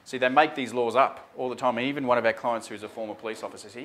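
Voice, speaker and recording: On air, a man recounts a traffic stop, acting out the exchange with police in a casual, conversational way full of ums and "mate". He talks fast in a mid-range, fairly bright voice with fairly even intonation, plus a little hiss or hum.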